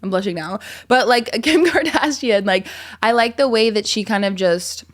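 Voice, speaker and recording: A woman's voice: on the high side, normal speed. A young woman hosting a casual podcast, chatty and rambling, with lots of fillers and giggles. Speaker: podcast host. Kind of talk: casual chat.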